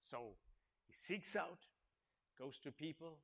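A male preacher retelling a story in a sermon, acting out the characters and asking the congregation questions, swinging from hushed tones to loud exclamations. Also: high voice, lively intonation, moderate pace. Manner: dramatic, swings from hushed to shouting, acts out characters.

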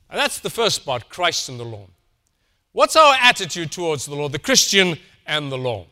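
A man delivering a sermon in a high, bright voice. He leans on key words by slowing down and going quiet, then climbs back up to a loud, insistent push. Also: very animated. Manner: swings from quiet, slow emphasis to loud, rising insistence. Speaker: pastor.

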